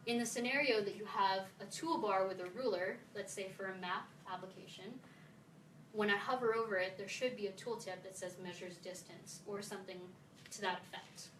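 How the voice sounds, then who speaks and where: A woman's voice: mid-range voice, fairly bright tone, a little hiss or hum. A woman from the Philippines giving a casual, playful talk at a meetup, quizzing her audience. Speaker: conference speaker. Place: meeting room with audience. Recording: roomy sound, mic at a distance, faint ambience.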